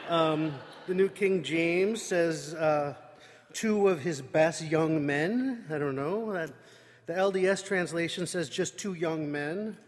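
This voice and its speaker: Wry man preaching in a reverberant hall. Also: a little high. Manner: wry, self-interrupting, conversational. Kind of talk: sermon with humorous asides.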